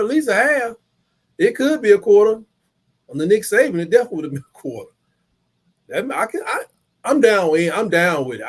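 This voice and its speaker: A man hosting a live game watch-along, rambling through casual stories in colloquial slang. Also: sits high. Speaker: live stream host.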